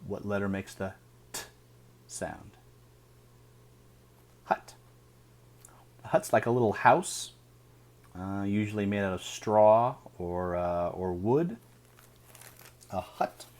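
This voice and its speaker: A man teaching a phonics lesson, sounding out each word slowly and deliberately. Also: lowish voice, darkish tone. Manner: slow, deliberate sounding out of words.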